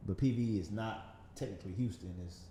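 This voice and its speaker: A man in his thirties with a light Southern accent, a podcast guest talking in a relaxed, rambling way, often laughing and saying "man". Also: lowish voice, brisk, reverberant, slight background noise. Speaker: magazine founder, podcast guest. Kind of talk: casual interview conversation. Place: podcast studio.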